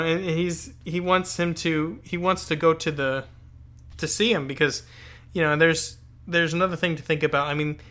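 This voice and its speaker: Podcast guy chatting about a novel, kinda high bright voice, rambly and restarting a lot. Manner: thoughtful, rambling, with frequent restarts. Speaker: podcast co-host. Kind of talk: casual book discussion.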